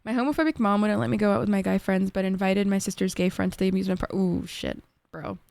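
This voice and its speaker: A young woman with an Egyptian accent chats with her stream audience, lively and quick to laugh, her voice sitting in a middle pitch. The sound is close and dry, with no room around it. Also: vocal fry, no room sound. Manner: chatty, animated, laughs easily, bursts into song. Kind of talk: casual chat with viewers.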